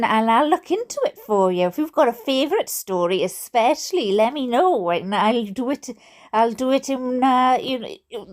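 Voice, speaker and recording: A woman's voice: fairly high pitch, darkish tone. Giggly Welsh woman reading funny stories. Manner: chatty, giggly, exclamatory, mock-indignant. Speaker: storyteller reading viewer stories. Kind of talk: reading funny stories aloud with chatty asides.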